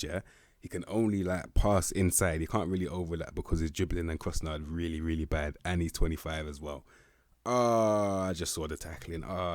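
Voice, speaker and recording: Young guy, really low voice, blunt slangy game commentary, swears a lot, dry close sound. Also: no echo. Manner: blunt, slangy, swears freely, bursts of loud emphasis. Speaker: gaming YouTuber.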